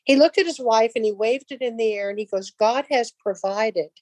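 A middle-aged woman telling a personal faith story in a casual way, acting out the people in it with lively voices. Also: a little high, fast, no room sound. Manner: animated, acts out dialogue in voices.

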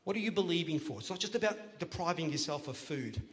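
A man preaching a sermon as pastor, playful and joking, then rising to loud, emphatic calls to the congregation. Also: fairly high pitch, big pitch swings, fast. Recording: long church hall reverb.

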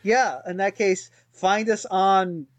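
A man with a fairly high voice, chatting as a podcast co-host. He rambles, mocks himself and keeps restarting his sentences. The sound is dry and close to the mic. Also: fairly even intonation, slow pace, dry recording. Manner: rambling, self-mocking, lots of fillers and restarts. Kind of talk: casual chat.

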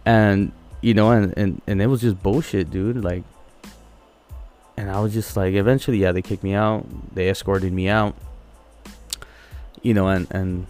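A man with a lowish voice talks in a heated, profane rant, stacking curse words and restarting phrases. Faint music plays behind him. It sounds like loose podcast chat between friends. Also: fairly even intonation, normal speed, pauses often, darkish tone. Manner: heated, swears constantly, repeats words. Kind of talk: casual profane storytelling.

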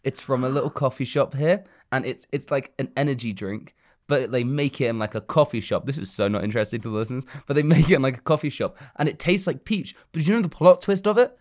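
A man's voice: medium pitch, quick pace. A man co-hosts a podcast in loose, casual chat. He rambles from point to point, jokes around and laughs often, in a medium voice. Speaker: podcast co-host.

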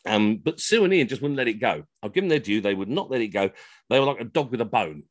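A man's voice: medium pitch, lively intonation, fast talker, dry recording. Middle-aged man, comic storyteller on a video call, chatty and self-mocking, a rambling delivery, an ordinary mid-range voice, a dry sound with little room around it. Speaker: costumed history entertainer.

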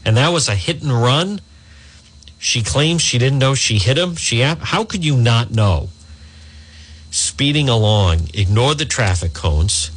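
A man's voice: medium pitch, a little hiss or hum. A middle-aged man hosting a talk radio show, reading a news story aloud and adding indignant asides.

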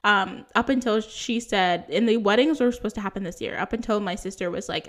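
A woman's voice: medium pitch, brisk, hardly any pauses. A woman in her twenties hosting a podcast, telling personal stories in a chatty, laugh-filled way with lots of fillers. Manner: chatty, laughing often, full of likes and ums. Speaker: podcast host. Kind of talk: casual storytelling chat.

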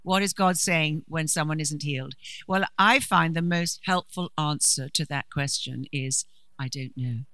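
A middle-aged woman giving a preaching talk at a conference, a lively storyteller with dry humour. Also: sits low, a little slow, no room sound, low-quality recording. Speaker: conference speaker.

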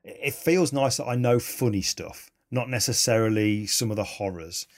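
A man, a photographer telling animated, enthusiastic stories in a casual interview. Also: on the low side, normal speed. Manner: animated, enthusiastic, laughs mid-story.

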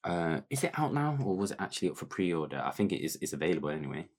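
A man's voice: sits low, very animated, fast, darkish tone. A man co-hosting a podcast, chatting casually and rambling with lots of fillers. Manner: laid-back, rambling with many fillers. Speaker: podcast co-host. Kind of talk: casual chat.

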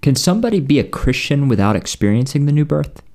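A man's voice: on the high side, sing-song, fast, a little mellow. A man co-hosting a podcast who asks thoughtful questions and adds brief affirmations. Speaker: podcast co-host asking questions. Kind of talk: conversational interview questions.

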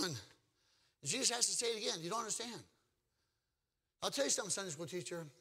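This pastor preaches with a high, bright, forceful voice, moving quickly yet leaving long pauses. He alternates between storytelling and joking asides to his congregation, all delivered emphatically.

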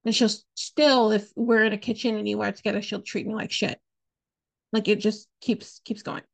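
A woman's voice: medium pitch, flat delivery, normal speed, gravelly. A woman hosting a podcast, telling a personal story in a candid, blunt, casual way, swearing freely and leaning on "like" and "you know.". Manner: frequent "like" and "you know" fillers. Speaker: podcast host.

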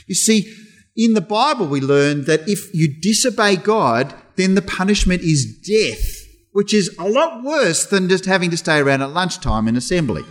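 A middle-aged man giving a lively children's talk in church, telling stories with playful sound imitations. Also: high voice, normal speed. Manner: animated storytelling, imitates sounds.

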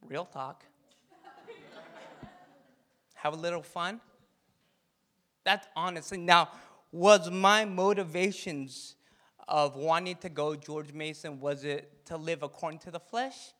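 A man's voice: on the high side, a little slow, fairly bright tone. A young man preaching to a youth group in a playful style, quizzing listeners by name and telling his own story. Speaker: youth pastor.

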